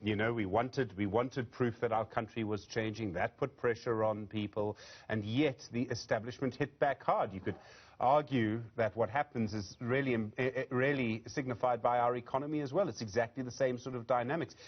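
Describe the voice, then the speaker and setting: A man's voice: mid-range voice, steady tone, normal speed, highs cut off. A man anchoring a news interview, speaking reflectively and hedging his points. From South Africa.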